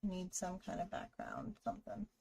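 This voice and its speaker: A woman's voice: fairly low pitch, wildly swooping pitch, moderate pace, creaky, warm tone, slightly rough. A woman hosting a live drawing stream, chatting casually with viewers and greeting them while she draws. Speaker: livestream artist host.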